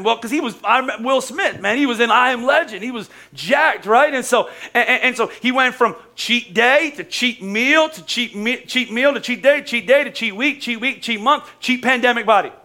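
A man, a pastor preaching a lively, joking sermon in a church service, repeating phrases for emphasis. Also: very high-pitched.

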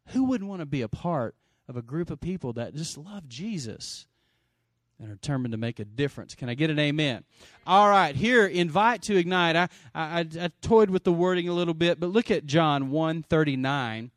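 A man preaching a sermon, calling for amens and swinging from loud exclamations to quiet asides. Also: a little high, lively intonation, fairly quick, dry recording, studio quality. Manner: calls for audience response. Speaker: pastor.

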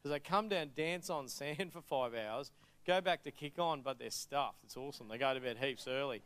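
An Australian man giving an energetic, joking talk to an audience, full of anecdotes. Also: medium pitch, moderate pace, smooth. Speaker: charity speaker.

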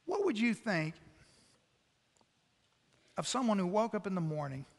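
A man with a notably high voice delivers a sermon, earnest and explanatory, often turning to ask his listeners questions. His voice carries a long reverb, as if it is filling a large hall. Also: very animated, measured pace, gravelly. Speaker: preacher.

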